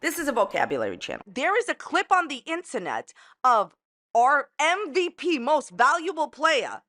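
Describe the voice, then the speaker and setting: A woman's voice: sits high, huge pitch swings, moderate pace, a bit bright. A woman ranting in a sarcastic, catty YouTube commentary, mocking with a repeated running joke. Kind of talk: casual commentary rant.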